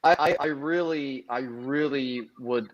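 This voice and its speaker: A man's voice: medium pitch, a little slow, muffled recording, a loud crowd. A man guesting on a casual chat, telling a story in a rambling way with many fillers.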